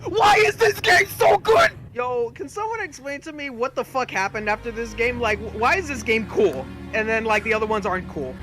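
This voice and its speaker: A young man reacting to a video game with loud, excitable outbursts and a lot of swearing. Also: extremely high pitch, brisk, hardly any pauses, over music.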